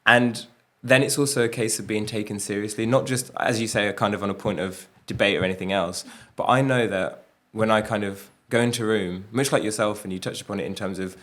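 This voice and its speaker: Male co-host, lowish voice, earnest and reflective. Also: steady tone, a little fast, few pauses, a bit bright. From English Midlands. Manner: earnest, reflective, many "kind of" hedges. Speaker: podcast co-host. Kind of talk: casual interview talk.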